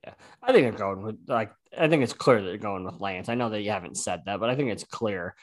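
A man's voice: fairly low pitch, animated, quick pace. A man co-hosting a casual sports podcast, talking in an easygoing way with many fillers like um and like. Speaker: podcast co-host.

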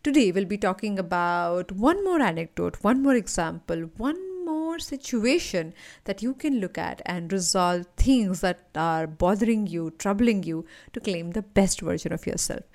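A woman, a coach hosting a podcast, telling an animated motivational story and calling the listener her friend. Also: mid-range voice, moderate pace. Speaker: leadership and anti-anxiety coach, podcast host.

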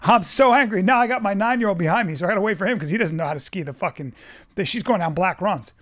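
High-voiced man telling animated stories. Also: fast talker, noisy background. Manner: animated, swears a lot, acts out quotes. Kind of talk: casual chat, storytelling.

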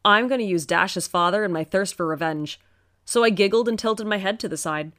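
A woman's voice: medium pitch, brisk, a bit bright, dry recording, studio quality. A woman narrating a first-person story in an earnest, emotional storytelling manner.

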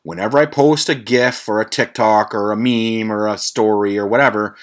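A man's voice: fairly low pitch, moderate pace. A man hosting a podcast, telling a story in a casual, rambling way, with lots of swearing, fillers and restarts. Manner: animated, jokey. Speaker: podcast host.

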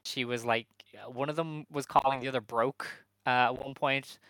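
A man co-hosting a podcast talks through the week in loose, wry, rambling chat, stopping often on fillers. His voice is bright and smooth, and the sound is dry and close. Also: medium pitch, fairly even intonation, moderate pace, no room sound, poor audio. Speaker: podcast co-host.

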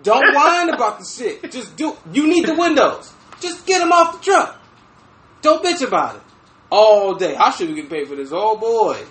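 A man with a very high, bright voice tells stories in a loose, profane, animated way. His pitch swings a lot as he talks. The room gives him a noticeable echo. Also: normal speed. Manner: animated, profane, laughing storyteller. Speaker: podcast host. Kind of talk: casual chat, storytelling. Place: room with fireplace.

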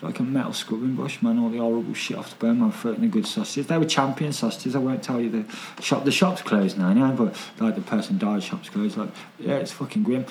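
A man's voice: mid-range voice, fast, few pauses, a little mellow, slight background noise. A man, telling stories in casual chat, repeating himself and swearing freely. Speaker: podcast guest.

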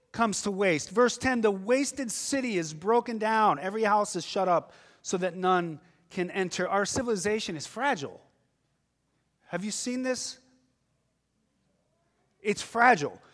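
A middle-aged man preaching a sermon, telling stories animatedly and swinging from loud outbursts to hushed asides. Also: high-pitched. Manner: animated storytelling with sudden shifts from loud to hushed. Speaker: pastor. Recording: long hall reverb.

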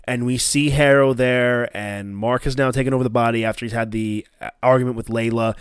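A man hosting a casual chat, excitedly recapping an episode and swearing as he acts out scenes in a raised voice. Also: medium pitch, brisk, smooth, dry recording, clean studio sound. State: coughing. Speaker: podcast host.

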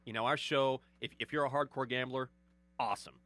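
A man's voice: medium pitch, fairly even intonation, a little fast, fairly bright tone, dry recording. A man who hosts sports radio, explaining his views earnestly and point by point in a casual chat.

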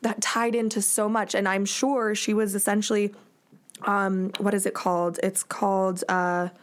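A woman co-hosting a casual chat, earnest and pausing to search for the right word. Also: mid-range voice, level tone. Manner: earnest, searches for words mid-thought.

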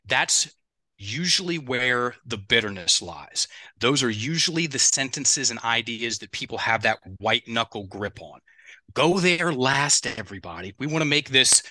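A middle-aged man talking as an expert podcast guest. He tells stories in a lively way, acts out what other people said, and speaks straight to the listeners. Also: mid-range voice, no echo. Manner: animated, acts out other people's words, addresses listeners directly. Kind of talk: conversational podcast interview with storytelling. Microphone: headset.

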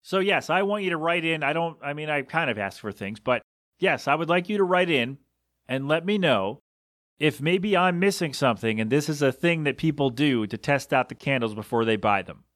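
A man's voice: fairly high pitch, animated, normal speed, fairly bright tone, dry recording, clean studio sound. A man hosting a solo podcast, ranting in disbelief with rhetorical questions and coughing a bit. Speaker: podcast host.

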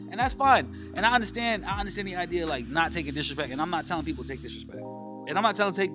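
A man hosting a podcast, ranting in a profane, animated comedic riff before welcoming a guest. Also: sits high. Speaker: podcast host.

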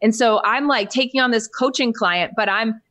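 A woman's voice: a little high, normal speed. A woman guest on a podcast, a business coach telling her story in casual interview talk and acting out the people she quotes. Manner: animated storyteller, acts out quoted voices with big jumps up.

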